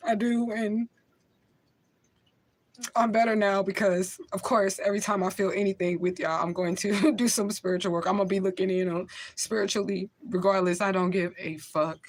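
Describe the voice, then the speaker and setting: A woman's voice: mid-range voice, steady tone, normal speed. A woman talking casually into the camera on a livestream, emotional and blunt, swearing freely and laughing often.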